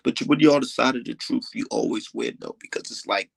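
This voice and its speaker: This young adult livestreamer rants in a boastful, dismissive manner, swearing heavily. He talks fast in a mid-range voice that is gravelly with a breathy edge, and there's no room sound.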